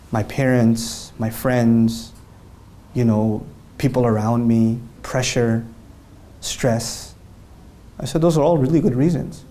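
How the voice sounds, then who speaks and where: A man's voice: mid-range voice, mellow. A man answering interview questions, speaking earnestly and animatedly and telling stories with quoted dialogue.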